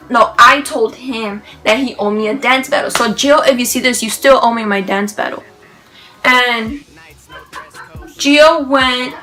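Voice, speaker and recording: Bright, excitable young woman vlogger. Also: a little high, low-quality recording. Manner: excited, rambling, gushing, heavy use of "like". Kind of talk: casual storytelling to camera.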